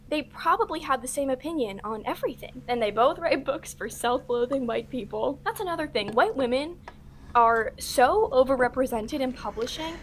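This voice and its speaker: High-pitched, assertive woman. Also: slight background noise. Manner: brisk, assertive and dismissive. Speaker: video commentator. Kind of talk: opinionated commentary video.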